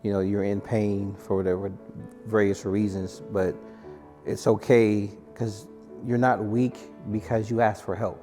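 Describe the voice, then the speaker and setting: A man with a low, even, mellow voice speaks gently and reassuringly in an open round-table talk. Soft guitar music plays beneath a long hall reverb. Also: unhurried. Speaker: discussion participant. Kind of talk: candid round-table conversation.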